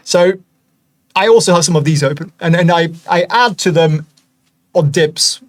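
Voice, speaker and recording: Male stock-channel host with a German accent, high-ish voice, excitable and chatty, squeaky bursts on the exciting bits, whispered asides. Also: normal speed. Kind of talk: screen-share stock analysis.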